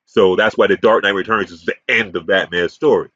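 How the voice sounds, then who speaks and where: A man's voice: low voice, steady tone, fairly quick, a bit bright, no echo. A man giving a combative, profane, rambling ranting commentary as a YouTube commentator. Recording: dull, muffled sound.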